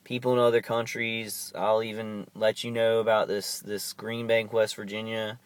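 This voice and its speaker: A man in a casual vlog monologue at home, halting and earnest, restarting and repeating himself as he talks to the camera. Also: lowish voice, flat delivery, clean tone, no room sound. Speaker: vlogger. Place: at home, indoors.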